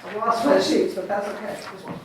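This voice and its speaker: A woman's voice: medium pitch, brisk. A woman teaching an informal poetry class, chatty and laughing often as she sounds out rhythms. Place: church classroom. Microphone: distant room mic. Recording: echoey room from far off, faint hiss.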